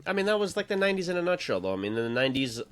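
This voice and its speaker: A man's voice: fairly high pitch, big pitch swings, racing, fairly bright tone. A man co-hosting a podcast, cracking jokes and teasing in casual chat. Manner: joking, teasing interjections. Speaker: podcast co-host.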